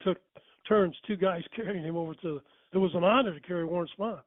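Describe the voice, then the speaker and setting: Older male storyteller, higher voice, chuckling asides, tinny dry phone-like audio. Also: fast talker, dry recording. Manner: rambling, self-correcting, chuckling. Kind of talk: casual storytelling.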